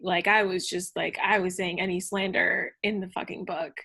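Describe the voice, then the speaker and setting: A woman's voice: on the low side, steady tone, moderate pace, hardly any pauses, pushed and bright, husky. A young woman, a podcast guest, telling a personal story in casual chat, candid and profane, with lots of fillers.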